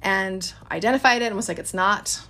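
A woman's voice: mid-range voice, fairly quick, sharp tone. A woman in her thirties telling a story in a casual, chatty way, addressing listeners as guys.

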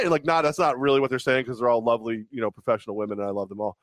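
A man in his forties co-hosting a sports talk show, telling stories casually and mimicking others in high squeaky voices. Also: racing, hardly any pauses, no echo, studio quality. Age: 40s. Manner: animated storytelling, acts out high-pitched quoted voices. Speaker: radio show co-host.

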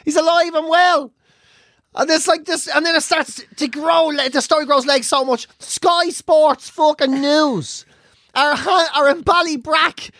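An Irish woman hosting a podcast, telling an animated, sweary story with bursts of laughter. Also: high voice, unhurried, no echo, clean studio sound. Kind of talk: casual chat.

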